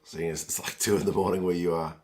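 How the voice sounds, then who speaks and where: Hoarse deep-voiced man hosting a watch-along. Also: fairly even intonation, quick pace, a little mellow. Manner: chatty, addresses viewers by name. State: hoarse, losing his voice. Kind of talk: live stream chat reading viewer comments.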